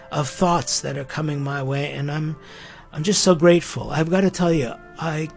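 A man's voice: a little high, creaky. A man hosting a podcast, reflecting earnestly on faith and spirituality in a musing way, often restarting his sentences. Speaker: podcast host.

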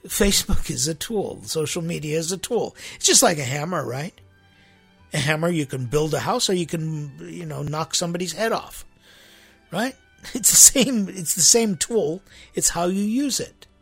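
A man serving as a church priest delivers a sermon in an easy, conversational way, circling back and repeating himself. His voice is gravelly and husky. Faint music is heard in the background. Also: fairly high pitch, lively intonation, normal speed, fairly bright tone. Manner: rambling, repeats himself, rhetorical "right?" asides.

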